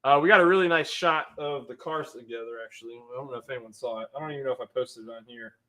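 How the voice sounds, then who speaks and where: A man's voice: mid-range voice, quick pace, bright, forceful tone. A man in his thirties hosting a casual livestream, telling a rambling story, laughing often and greeting viewers in the chat. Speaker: livestream host.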